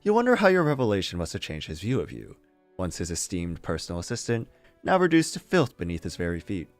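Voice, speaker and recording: A man's voice: deep voice, wildly swooping pitch, fast talker, no room sound, faint music behind. Amused man reading fanfiction aloud. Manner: amused, laughs through the reading, disbelieving asides. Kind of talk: casual read-aloud with commentary.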